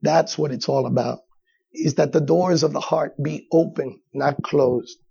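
Gravelly high-voiced male preacher. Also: fairly even intonation, measured pace, warm tone, dull audio. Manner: conversational preaching with acted asides. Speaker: pastor. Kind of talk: sermon.

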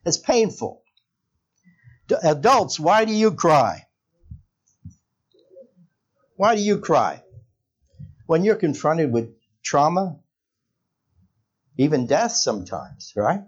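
A man preaches a sermon to a church congregation, speaking slowly with a pitch that swings up and down a lot. He keeps turning to the listeners with questions, and the church recording sounds a little dull and lo-fi. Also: big pitch swings, slightly rough. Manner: conversational, asks the congregation questions. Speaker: pastor.

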